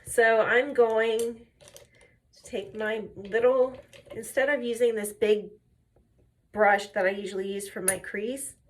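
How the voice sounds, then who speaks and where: A woman's voice: fairly high pitch, steady tone, slow, pauses often. A woman chatting casually while doing her makeup, telling stories and talking through each step. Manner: chatty storyteller, drifts between tangents; step-by-step tutorial talk. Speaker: makeup and faith vlogger.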